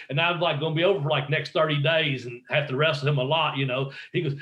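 A man's voice: a little high, fairly even intonation, fairly quick, few pauses, a bit bright, reverberant. A man, a former pro wrestler, telling rambling, profane anecdotes in a casual interview and acting out quotes.

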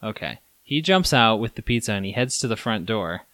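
A man hosting a casual podcast, telling a story in an animated way and acting out his own shouts. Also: lowish voice, a little fast, no echo. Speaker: podcast host.

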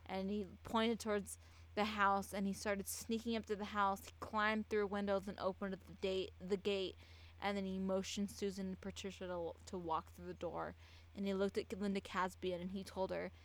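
A woman's voice: mid-range voice, fairly bright tone, rough recording. A tipsy woman tells a true-crime story in a loose, casual way. She rambles, trips over her words and restarts her sentences as she goes.

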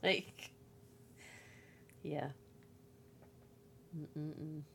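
A woman in her thirties co-hosts a casual podcast and tells stories in an animated way. She slips into other people's voices when she quotes them. Her voice sits a little low for a woman. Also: drawn-out words, gravelly, breathy edge. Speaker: podcast co-host. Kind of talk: casual chat.

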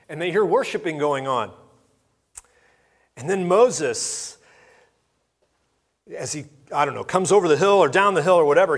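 Man preaching a storytelling sermon. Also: fairly high pitch. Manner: conversational storytelling with acted-out dialogue. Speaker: pastor.

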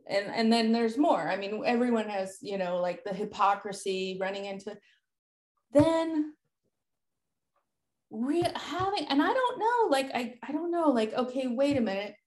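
A woman's voice: on the high side, expressive, unhurried, darkish tone, roomy sound. A woman hosting a conversation who tells a personal story candidly, swearing freely and using lots of filler words. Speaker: podcast host.

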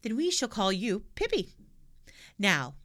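A woman voicing a kind, patient female schoolteacher who speaks gently. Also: mid-range voice, very animated, unhurried. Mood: kindly.

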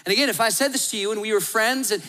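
A man in his thirties preaching a sermon as a pastor, telling stories and acting out voices with lively energy. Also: high-pitched, very fast. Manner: animated storytelling with acted-out voices. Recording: long reverb of a large hall.

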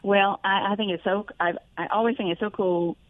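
A woman with a Southern Georgia accent talks earnestly as a radio guest, stumbling over small restarts. She calls in over a tinny phone line, and her voice sits in a middle pitch with dry sound. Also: steady tone, a little fast, no room sound. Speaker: guest author. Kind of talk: radio interview. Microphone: phone call.

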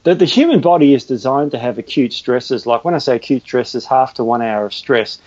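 An Australian man in easy explanatory chat, earnest and talkative, stumbling and restarting as he goes. His voice sits at an ordinary pitch in a very dry, close sound. The recording is a little dull and lo-fi. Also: expressive, a little fast, a little mellow, no room sound. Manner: chatty, restarts often, earnest. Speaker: health and fitness guest expert.

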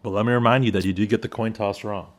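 A man with a very low voice hosts a relaxed podcast among friends. He talks loosely and jokes around, with plenty of filler words. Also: fast. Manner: loose and jokey, with lots of "like" fillers. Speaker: podcast host. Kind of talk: casual chat.

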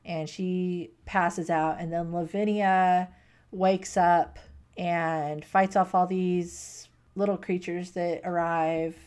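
A woman with a somewhat low voice recaps a book in casual conversation. She tells the plot with energy, dropping into quoted lines for the characters. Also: slow pace, smooth. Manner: animated retelling with acted quotes and laughs. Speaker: podcast co-host recapping a book.

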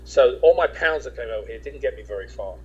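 A man's voice: medium pitch, lively intonation, fast talker, slightly rough, highs cut off. A man from England, a guest in a casual interview, telling his story in a rambling way with many restarts and quoted dialogue.

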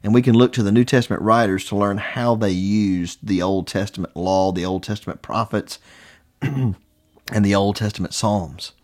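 Male preacher, lowish voice, slow and deliberate sermon delivery with emphatic pauses.

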